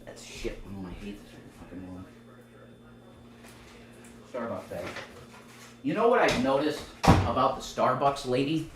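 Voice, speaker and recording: A man's voice: medium pitch, expressive, measured pace, pauses often, noisy background. A man, a self-styled reverend, doing a rambling, profane comedic monologue on a livestream. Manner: profane, rambling, jumps between loud and muttered.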